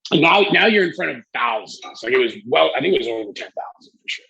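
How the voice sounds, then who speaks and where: A man's voice: a little high, animated, quick pace, creaky, sharp tone, slightly rough, muffled recording. A man in his forties, a guest telling stories in an interview and acting out the people in them with casual swearing. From Canada. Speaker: wrestling executive and guest. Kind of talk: animated storytelling in an interview.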